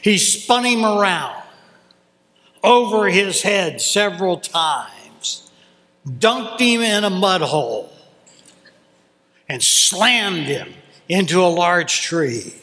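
A man preaching a sermon as pastor, dramatic, with long pauses for emphasis. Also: high-pitched, very animated, sharp tone. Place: church. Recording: long reverb of a church hall.

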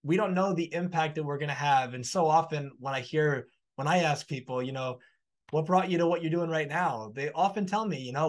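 A man in a podcast conversation, telling a long heartfelt anecdote in an earnest, flowing way. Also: a little high.

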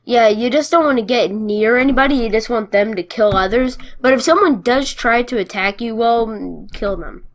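A woman giving casual gameplay commentary, playful and excitable, cheering her wins and taunting the other players. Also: a little high, normal speed, few pauses.

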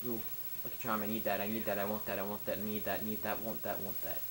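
A young man rambling goofily through a let's play, stammering and yelling at the game. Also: lowish voice, little pitch movement, fast, background noise. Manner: goofy, rambling, stammers, yells at enemies. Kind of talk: casual gameplay commentary.

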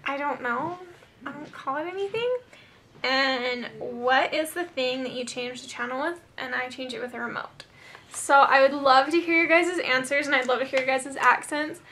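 A woman's voice: high voice, moderate pace, sharp tone, a little hiss or hum. A young woman chatting upbeat to her viewers in a casual vlog, reading out a word list. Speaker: beauty vlogger.

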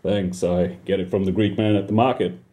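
A man voicing a mild, kindly old God in a comic story, speaking calmly and apologetically. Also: low-pitched, fairly quick, natural voice. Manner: calm, laid-back, apologetic.

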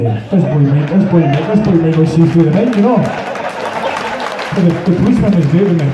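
A man spins a rough, profane story on stage, rambling and chuckling through it. His voice sits at an ordinary pitch, picked up from a distance in a big echoing hall, with a lively crowd around him. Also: brisk. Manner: swearing, rambling, laughing mid-story. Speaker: guest storyteller. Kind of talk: live stage anecdote. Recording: echoey hall from far off, dull, crowd.

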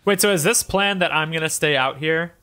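Guy with a high bright voice playing d&d, laughing a lot. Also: fairly quick. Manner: laughing, rambling. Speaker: player. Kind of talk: casual tabletop play.

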